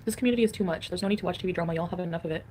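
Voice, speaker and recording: A woman's voice: fairly low pitch, very fast, a little mellow, slight background noise. A woman livestreaming in a casual, rambling way, reading viewer comments aloud and answering them.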